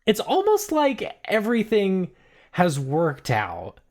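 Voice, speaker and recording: A man's voice: high voice, wildly swooping pitch, takes it slowly, darkish tone, voice pushed up, heavily acted. A man voicing a nervous male politician who stammers and trips over his excuses. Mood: rambling. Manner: stammering, flustered. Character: nervous, guilty male mayoral candidate.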